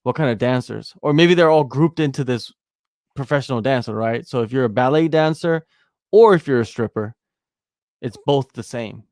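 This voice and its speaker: Co-host, man: mid-pitched and gravelly, dry close mic, riffs and repeats his jokes. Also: moderate pace, dry recording. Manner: animated, riffs on jokes, repeats himself for emphasis. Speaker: podcast co-host. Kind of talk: casual chat.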